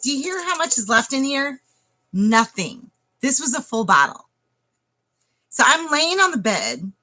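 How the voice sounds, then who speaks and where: A woman's voice: high voice, big pitch swings, measured pace, pushed and bright, low-quality recording. A woman homestead vlogger telling a dramatic story casually to the camera, speaking directly to her viewers.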